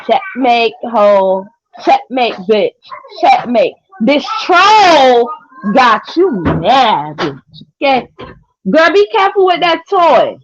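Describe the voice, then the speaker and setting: A young woman, chatting casually with viewers on a livestream in a sassy, trash-talking way with loud cackling laughs. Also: on the high side, big pitch swings, slow pace, no room sound. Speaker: livestream host. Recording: dull lo-fi stream audio.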